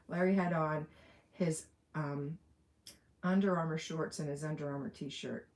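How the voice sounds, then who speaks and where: A woman with an Alabama accent hosts a casual live question session from a room at home with the window open. Chatty and unhurried, she reads viewer comments aloud with a laugh now and then, her low-pitched, slightly mellow voice fairly even in intonation.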